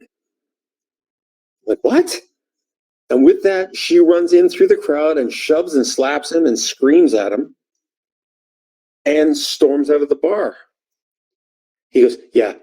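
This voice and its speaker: Guy with a rough low gravelly voice telling a wild story, does the voices. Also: low-quality recording. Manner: animated, acts out quoted voices. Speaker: wrestler telling a road story. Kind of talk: casual storytelling.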